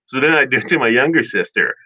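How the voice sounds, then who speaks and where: A man's voice: medium pitch, fast talker, no room sound. Man, casual storytelling, rambling with restarts, dry close sound, dull lo-fi recording. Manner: rambling, animated, many restarts and chuckles. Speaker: guest telling childhood stories.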